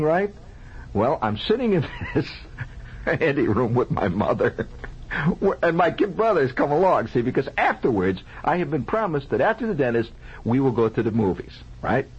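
A man's voice: medium pitch, slight background noise. A man telling a comic childhood story on radio, chatting to listeners and making sound effects with his mouth, heard on an old lo-fi broadcast. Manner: animated, conversational, asks the audience questions, sound effects with mouth. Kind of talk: improvised comic storytelling monologue.

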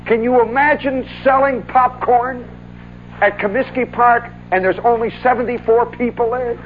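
A man spins an animated, folksy story, adding "see" at every turn. His voice sits high for a man. The sound is tinny like an old radio broadcast, with a faint hiss behind it. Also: moderate pace. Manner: animated, folksy, says "see" and "oh, yeah" often. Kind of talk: spoken monologue recollection.

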